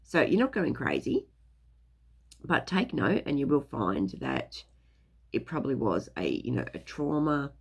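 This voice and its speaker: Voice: medium pitch, wildly swooping pitch, measured pace, creaky, slightly rough. A speaker giving a casual, rambling talk on spiritual topics, full of fillers and loose swearing. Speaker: spiritual teacher.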